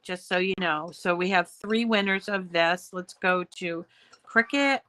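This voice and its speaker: A woman with a hoarse voice hosting a casual craft tutorial, explaining steps in a chatty way with fillers and throat clearing. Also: on the low side, measured pace, fairly bright tone. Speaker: crafting channel host.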